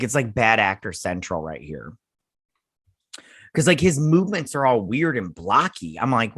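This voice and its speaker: A man's voice: medium pitch, bright, forceful tone. A man hosting a casual episode review, recapping scenes in a sarcastic, exasperated ramble full of fillers. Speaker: TV show reviewer and host.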